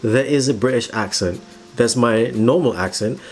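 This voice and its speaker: A man's voice: medium pitch, moderate pace, darkish tone, faint music behind. A man co-hosting a casual chat, reading out audience questions in a joking, playful way.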